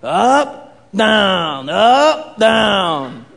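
A man voicing a calm, terse old male karate master who speaks slow, clipped broken English. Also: high voice, vocal fry, exaggerated voice. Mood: calm instructing.

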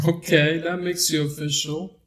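A man co-hosting a casual chat, teasing and boasting playfully. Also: a little high. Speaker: co-host.

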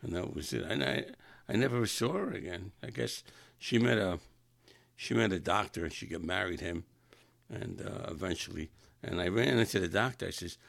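A man's voice: low voice, normal speed, creaky, fairly bright tone, dry recording, clean studio sound. A man casually telling rambling personal anecdotes, often correcting himself mid-sentence. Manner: rambling, self-correcting, chuckling. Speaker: storyteller.

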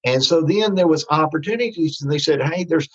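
A man telling his faith testimony in a rambling, halting way, full of restarts. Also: on the high side, lively intonation, fairly bright tone, husky, highs cut off. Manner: rambling, with many restarts and fillers. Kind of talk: storytelling testimony.

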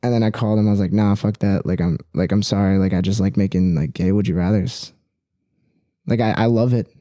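A man's voice: fairly low pitch, steady tone, brisk, warm tone, no room sound, studio quality. A young man chatting casually as a podcast guest, rambling with lots of "like" and "dude". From Philippine heritage.

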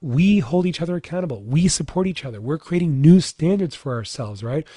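A man's voice: a little high, expressive, fairly quick, mellow, breathy edge, dry recording. A man in his thirties, a fitness coach for dads, giving a casual motivational talk, talking in a chatty way full of "like" and "right?".

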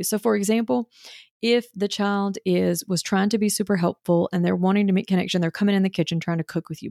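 Gravelly-voiced mom mentor teaching. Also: female voice, medium pitch, darkish tone, dry recording, clean studio sound. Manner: chatty, full of examples, frequent "you know" fillers; acts out what a child or mother might say. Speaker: parenting mentor for mothers. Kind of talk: casual teaching talk.

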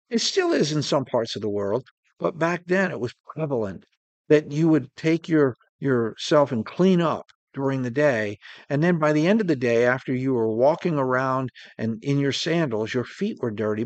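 A male preacher gives a sermon in a steady, earnest, medium-pitched voice, slowing way down on the words he wants to hit home. The recording is dry and close, with no echo from the room.

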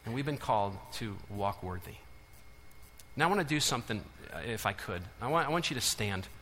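Passionate preacher in a reverberant hall. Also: male voice, mid-range voice, animated, brisk, slight background noise. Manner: passionate, swings from loud urging to hushed intensity. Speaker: pastor. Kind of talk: sermon. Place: large church auditorium.

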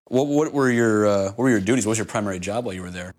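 A podcast host, a man with a fairly low voice, puts his questions to a guest. He speaks in a measured way and explains things as he goes. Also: darkish tone. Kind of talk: interview questions.

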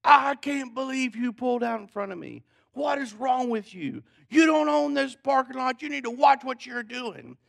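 Guy putting on a shrill furious lady shopper, yelling her head off, gravelly edge. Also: expressive, normal speed, few pauses, full character voice. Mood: yelling, irate. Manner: shrill shouting tirade. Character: furious screaming middle-aged woman shopper.

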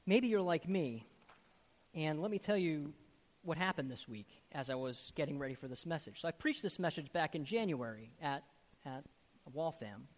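A man's voice: on the high side, expressive, normal speed. A man preaching a sermon as pastor, earnest and emphatic, putting rhetorical questions straight to his listeners. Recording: long hall reverb.

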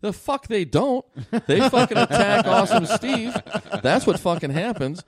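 A man's voice: sits high, lively intonation, moderate pace, slightly rough. A man co-hosting a casual podcast, telling profane stories and often breaking into laughter. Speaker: podcast co-host. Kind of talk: casual storytelling.

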